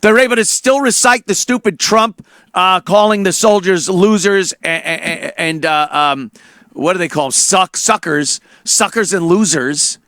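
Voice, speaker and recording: A man's voice: sits high, a little slow, fairly bright tone, no echo. A man hosting a talk show, delivering a heated, profane political rant full of stammered repeats into a studio mic.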